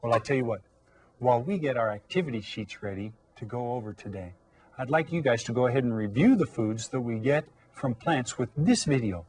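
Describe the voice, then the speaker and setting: A man teaching an elementary Spanish lesson on video, quizzing young pupils and repeating Spanish words slowly for them to follow. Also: mid-range voice, animated, darkish tone, slightly rough. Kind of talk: recorded classroom lesson for children.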